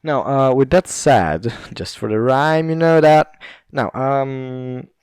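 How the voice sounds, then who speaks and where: A man's voice: mid-range voice, slow, darkish tone, clear, resonant tone, no echo, studio quality. A young Italian man with an Italian accent hosting a casual solo podcast, rambling, chuckling and swearing loosely. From Italy. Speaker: podcast host.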